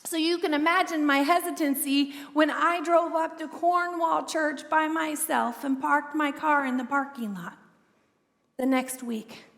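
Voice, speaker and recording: High-voiced woman preaching in a reverberant hall. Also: unhurried, gravelly. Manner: lively storytelling, acts out quoted dialogue. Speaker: ministry founder and speaker. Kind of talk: testimony sermon.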